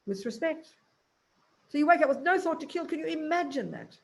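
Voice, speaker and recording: A woman's voice: high-pitched, lively intonation, a little fast, gravelly. Blunt, emphatic woman Buddhist teacher.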